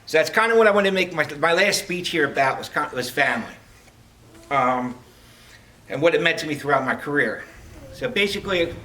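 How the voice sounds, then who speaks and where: A middle-aged man giving a heartfelt farewell speech as a retiring police lieutenant, telling stories with halting restarts. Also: fairly high pitch, lively intonation, pushed and bright. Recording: distant mic, faint background noise.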